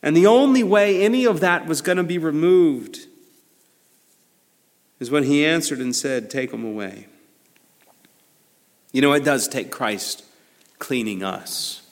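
A man's voice: expressive, unhurried, pauses often. Man preaching in a reverberant hall. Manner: conversational, builds to emphatic peaks then drops low. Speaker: pastor. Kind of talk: sermon.

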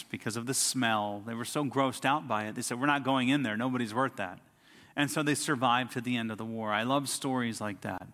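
Bright-voiced preacher man in a reverberant hall. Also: medium pitch. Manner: storytelling preacher, emphatic lists and rising outbursts. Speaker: pastor. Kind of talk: sermon.

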